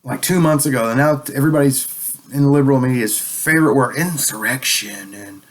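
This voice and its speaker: A man's voice: mid-range voice, a little fast. A man delivering a rambling, profane political rant as a vlogger, sounding a bit tipsy and sarcastic.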